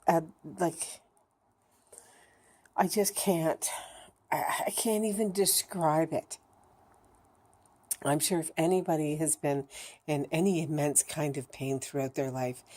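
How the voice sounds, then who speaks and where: A woman with a low, mellow voice talks straight to the camera in a candid video diary. She is blunt and swears freely. Her thoughts ramble, with frequent stops and restarts. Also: husky. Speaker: vlogger.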